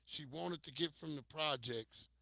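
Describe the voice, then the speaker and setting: An American man hosting a livestream, telling stories in a casual, profane, animated way to his viewers. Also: a little high, measured pace, gravelly, no echo. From United States. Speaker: livestream host.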